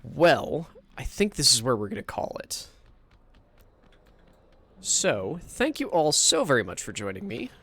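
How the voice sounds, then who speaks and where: A man's voice: mid-range voice, wildly swooping pitch, unhurried, long pauses, a bit bright. A man hosting a casual gameplay livestream, chatting in a rambling way and swearing now and then.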